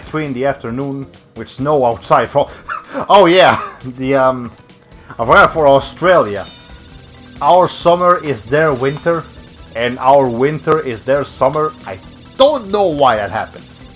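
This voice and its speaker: A man's voice: mid-range voice, lively intonation, measured pace, soft background music. Rambling man streaming a game. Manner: rambling, self-interrupting, with many fillers. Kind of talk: casual gameplay commentary.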